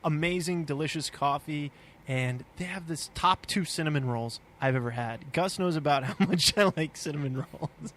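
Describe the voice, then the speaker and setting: A man's voice: fairly high pitch, normal speed, a bit bright, slight background noise. A man co-hosting a podcast, chatting casually and cheerfully, laughing now and then between filler words. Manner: upbeat, chuckles while talking, many uh fillers. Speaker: podcast co-host. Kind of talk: casual chat.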